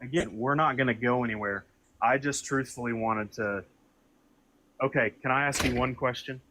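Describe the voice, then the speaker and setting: A man's voice: mid-range voice, normal speed, pushed and bright, rough recording. A man calling into a livestream debate, repeating himself insistently and appealing to his faith. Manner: repetitive, insistent, religious appeals. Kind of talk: heated debate.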